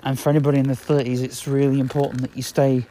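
Walking outside around the block, a podcast host in his 30s chats loosely, wandering off topic and repeating himself. His mid-range voice is warm and level, moving at a quick pace, with a faint hiss or hum underneath.

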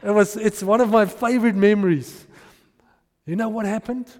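A man's voice: high-pitched, steady tone, moderate pace, big-room sound. A man preaching a sermon and acting out the people in his stories. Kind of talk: sermon with storytelling.

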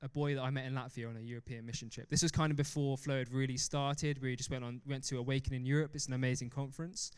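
A young man delivers a sermon in a large church hall, his smooth, clear voice trailing into a long reverb. He talks in an animated way and breaks off for self-mocking laughs. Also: medium pitch, fast talker, few pauses. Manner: animated, laughs often, self-deprecating asides. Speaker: preacher.

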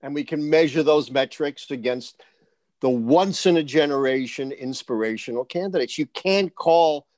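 A man's voice: on the high side, normal speed, darkish tone, no room sound, studio quality. A man from New York, a historian guest, answering interview questions in a confident, lecturing way and laughing easily.

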